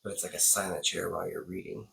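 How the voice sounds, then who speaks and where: A young man in a relaxed chat with a friend, his voice a touch low but bright and forward. He thinks aloud, restarts his sentences and exclaims when something surprises him. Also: racing, gravelly, low-quality recording. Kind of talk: casual chat.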